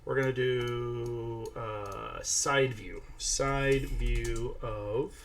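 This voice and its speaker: A man's voice: medium pitch, fairly even intonation, very slow, a little hiss or hum. A man hosting a casual screen-share tutorial, chatting his way through each step and talking to a toddler at his side. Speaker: AI art tutorial host.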